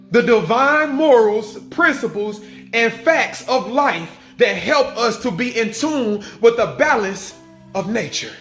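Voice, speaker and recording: A man's voice: extremely high pitch, fairly bright tone. A man giving an emphatic, repetitive spiritual monologue to his viewers, restating each point and swearing casually. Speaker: spiritual vlogger. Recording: echoey room with faint music.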